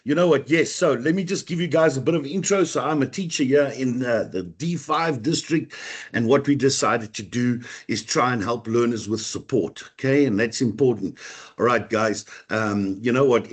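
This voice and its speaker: A man's voice: mid-range voice, slightly rough. A man with a South African accent, a teacher running a live online lesson, upbeat and chatty as he greets students by name. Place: online video meeting.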